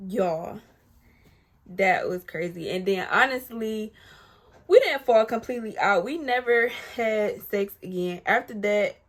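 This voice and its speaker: A woman's voice: medium pitch, measured pace. A woman telling a personal story to her viewers, blunt and profane, acting out what others said. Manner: animated, blunt and profane, addressing viewers directly; acts out other people's lines mid-story. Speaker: storytime vlogger. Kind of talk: casual storytelling to camera.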